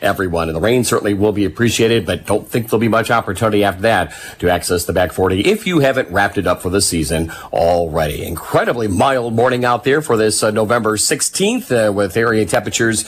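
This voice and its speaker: A man's voice: lowish voice, expressive, a little hiss or hum. A man giving a folksy radio weather forecast as the station meteorologist. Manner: brisk, folksy forecast delivery.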